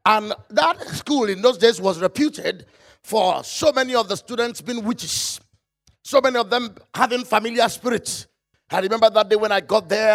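Guy preaching, really high gravelly voice, fervent, keeps shouting out scripture. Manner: quotes scripture in old-style phrasing. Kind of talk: sermon.

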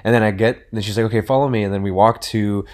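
A young man in his twenties talks casually on his podcast, his voice sitting a little low. He rambles, restarts his sentences and piles up fillers as he acts out the back-and-forth of a story. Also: fairly even intonation, fast talker. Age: 20s. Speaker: podcast host.

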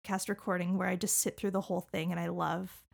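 A young woman chats casually as a podcast co-host. She talks in an animated way, with lots of fillers and frequent laughs. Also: fairly low pitch, a little fast, creaky. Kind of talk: casual chat about musicals.

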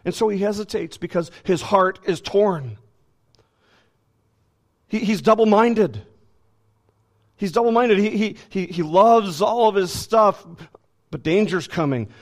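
A man's voice: high-pitched, unhurried, long pauses. A man preaching a sermon with emphasis, often repeating words as he builds a point.

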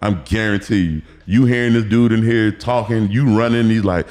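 A man in his thirties from Miami, a former pro football player, telling stories as a podcast guest in a loose, animated way, acting out quotes and swearing freely. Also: lowish voice, moderate pace, few pauses. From Miami, Florida. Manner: animated, acts out quotes, profanity, repeats words. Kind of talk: casual storytelling interview.

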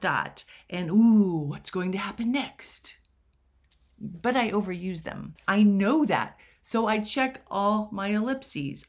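A young woman giving a casual writing tutorial, chatty and full of rhetorical questions with self-deprecating asides. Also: medium pitch. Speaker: writing coach.

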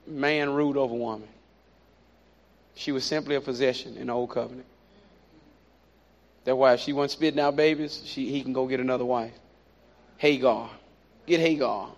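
A man preaching a sermon, animated and repetitive, with playful asides. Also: on the high side. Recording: dull lo-fi recording.

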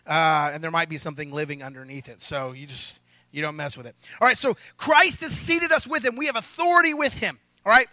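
High bright-voiced pastor guy preaching, jokey and chatty, dry close sound. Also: fairly quick, dry recording. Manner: joking, conversational, asks the crowd "right?" often. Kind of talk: sermon. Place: church hall with a congregation.

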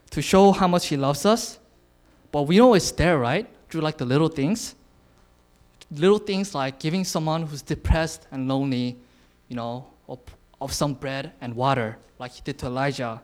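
A man's voice: on the high side, moderate pace, clean tone. A man in his twenties giving an informal sermon, casual, with lots of filler words and frequent chuckles. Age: 20s. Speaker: youth speaker sharing a message.

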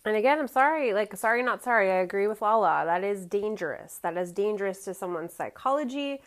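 Fairly quick and expressive, a woman with a mid-range voice gives a chatty, opinionated recap of a reality TV reunion, full of fillers like "um" and "you know."

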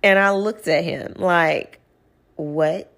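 A woman's voice: on the low side, slow pace, fairly bright tone. A young woman, chatting casually at home as she tells a personal story and quotes people's lines. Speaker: vlogger. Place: home living room.

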